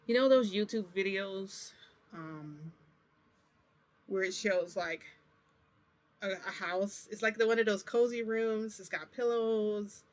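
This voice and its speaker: A woman vlogger telling a personal story in a casual, rambling way, full of fillers and asides. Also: mid-range voice. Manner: rambling, chatty, many fillers.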